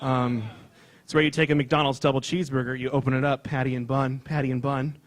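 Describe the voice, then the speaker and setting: A man doing a loud, excitable, self-mocking stand-up comedy set on stage before a live audience. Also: medium pitch, brisk.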